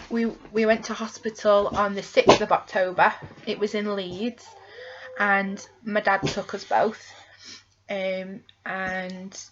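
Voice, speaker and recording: A woman's voice: medium pitch, a bit bright. Chatty woman on dull lo-fi audio. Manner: chatty, rambling, lots of ums and tag questions. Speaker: vlogger. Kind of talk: casual chat.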